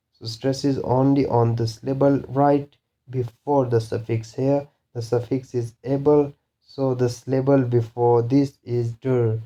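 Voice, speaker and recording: Slow-speaking man teaching word stress. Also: mid-range voice, mellow. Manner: slow, repeats example words for drilling. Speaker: English teacher. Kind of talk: pronunciation lesson.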